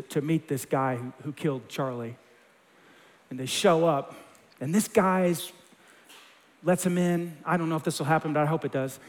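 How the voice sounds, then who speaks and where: A man preaching a sermon, impassioned and quoting scripture, with quick acted asides. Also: high-pitched. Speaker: pastor. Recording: long hall reverb.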